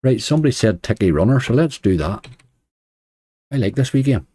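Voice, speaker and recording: A man's voice: mid-range voice, lively intonation, fairly quick, mellow, husky, no echo. A middle-aged man with a Northern Irish accent, streaming online slots and chatting casually while grumbling at the game. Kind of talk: casual live-stream commentary.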